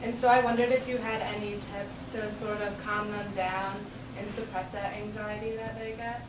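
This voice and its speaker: A woman's voice: mid-range voice, little pitch movement, normal speed. A woman student teacher in the audience politely asks the panel a question. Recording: distant echoey room with noise.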